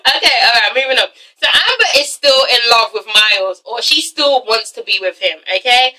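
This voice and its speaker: A woman hosting a blunt, animated casual vlog review, swearing freely. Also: on the high side, normal speed, hardly any pauses, recorded from a distance, rough recording. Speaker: vlog host reviewing a reality TV show.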